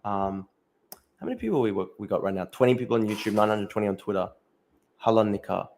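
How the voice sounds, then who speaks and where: A man's voice: fairly low pitch, expressive, fast, creaky, darkish tone, a little hiss or hum. A young man hosting a casual livestream, reacting to posts and reading out chat questions with frequent laughter and swearing. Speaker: livestream host.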